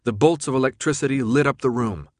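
A man's voice: mid-range voice, quick pace, no room sound. Man narrating an audiobook, dry and close. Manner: steady, even-paced storytelling. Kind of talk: scripted narration.

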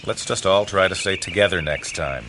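A man's voice: deep voice, moderate pace, slight background noise. A man narrating an audiobook in the first person, telling the story expressively. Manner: expressive storytelling that voices the boys.

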